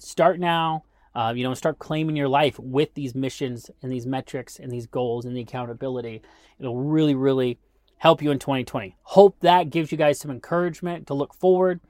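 A man's voice: mid-range voice, fairly even intonation, brisk, darkish tone, no echo, studio quality. A man hosting a podcast, giving casual motivational coaching with rhetorical questions. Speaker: podcast host.

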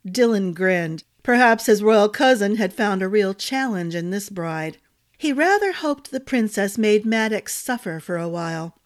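A woman storyteller reading a fantasy novel aloud, measured and expressive. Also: mid-range voice. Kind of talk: audiobook narration.

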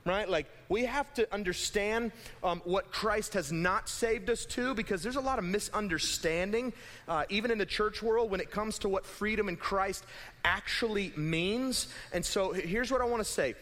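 A young adult man, a pastor, giving a conversational, animated sermon in a church and acting out imagined voices. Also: sits high, normal speed. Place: church sanctuary. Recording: hall reverb.

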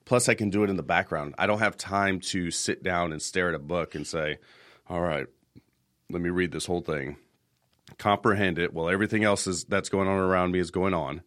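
A man's voice: sits low, quick pace, hardly any pauses, fairly bright tone, no room sound, studio quality. A man in his thirties hosting a casual podcast, telling rambling stories and repeating words as he goes. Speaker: podcast host.

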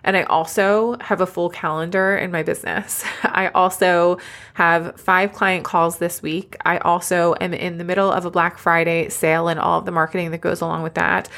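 A woman's voice: on the low side, level tone, moderate pace, gravelly, a bit bright. A woman hosting a solo podcast as a business coach, talking candidly and emotionally, tearful at times. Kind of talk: personal solo podcast talk.

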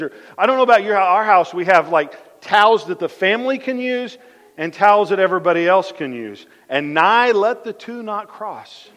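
A man preaching a conversational sermon, telling lively everyday stories, repeating his phrases and dropping his voice soft for the key points. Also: high-pitched, normal speed, long reverb tail. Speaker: pastor.

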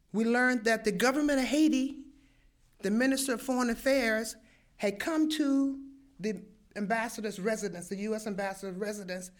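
Animated older woman telling a story. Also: fairly high pitch. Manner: animated, acts out sounds and voices. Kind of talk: personal storytelling to an audience.

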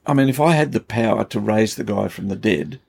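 Gravelly, husky-voiced man teaching earnestly. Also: on the low side, expressive, fairly quick, darkish tone. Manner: earnest, emphatic storytelling with rising intensity. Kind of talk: conversational Bible teaching.

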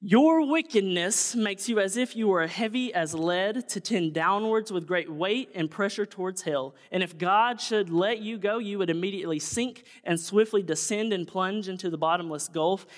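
A man's voice: sits high, moderate pace, hardly any pauses, voice pushed up, natural voice. A man putting on the voice of a stern eighteenth-century male fire-and-brimstone preacher, delivering solemn, old-fashioned oratory in a church. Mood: thundering, grave. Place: church sanctuary. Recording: long church hall reverb.

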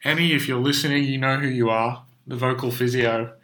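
A man's voice: medium pitch, fairly even intonation, brisk, fairly bright tone. A young man hosting a podcast, talking bluntly and emphatically while his voice is strained from overuse. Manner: blunt, emphatic, swears when making a point. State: losing his voice. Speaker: podcast host. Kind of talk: casual solo podcast monologue.

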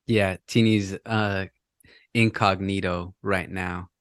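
A man in his thirties talks casually as a podcast co-host, pausing on "uh" and "like." His voice is fairly low, and the sound is close and dry. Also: clean tone, no room sound. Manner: relaxed, hesitant, with "like" and "uh" fillers. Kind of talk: casual chat.

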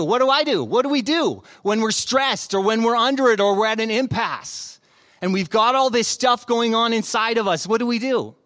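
With a high-pitched, fairly bright voice, a man in his thirties delivers a sermon as a pastor. The tone is conversational as he reads scripture, tells stories, and asks frequent rhetorical questions.

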